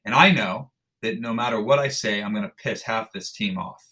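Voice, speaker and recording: A man telling a story as a podcast guest, animated and blunt, swearing casually and restarting sentences. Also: lowish voice, normal speed. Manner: animated storyteller who acts out dialogue, with frequent restarts. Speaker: podcast guest, endurance athlete. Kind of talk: storytelling in an interview.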